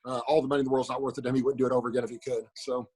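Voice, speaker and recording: A man's voice: medium pitch, flat delivery, very fast, over a noisy crowd, low-quality recording. A man, a former fighter, telling a story in plain words in casual podcast chat.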